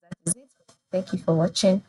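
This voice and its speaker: Low-voiced woman walking through a tutorial. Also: little pitch movement, fairly quick, darkish tone, slightly rough, poor audio. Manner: plain step-by-step explaining with fillers and restarts. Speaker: tutorial host. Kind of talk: screen-recorded software tutorial.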